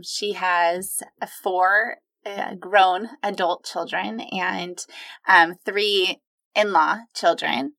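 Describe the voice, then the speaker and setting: A middle-aged woman speaking as a podcast guest, relaxed and conversational with frequent fillers. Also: medium pitch, creaky, dry recording. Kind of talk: conversational interview.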